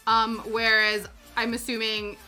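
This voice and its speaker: On her crafting stream, with background music, a young woman with a Canadian accent talks casually, giggling as she wanders from topic to topic. Her higher voice stays monotone and sharp, at a measured pace.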